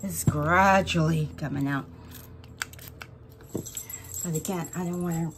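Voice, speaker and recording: A woman chatting to her viewers as she works on a craft project, excitable and talkative. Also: deep voice, takes it slowly, pauses often, noisy background. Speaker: resin craft vlogger. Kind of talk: casual crafting vlog chat.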